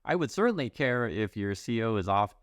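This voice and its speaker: A man's voice: on the low side, very animated, brisk, no echo, clean studio sound. A middle-aged man hosting casual news commentary, chatty and wry, with many fillers and restarts.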